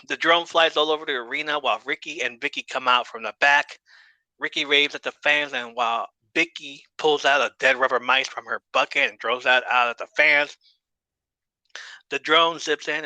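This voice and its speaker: Bright-voiced man recapping casually. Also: medium pitch, dry recording, rough recording. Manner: laid-back, swears casually, laughs often. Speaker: podcast host.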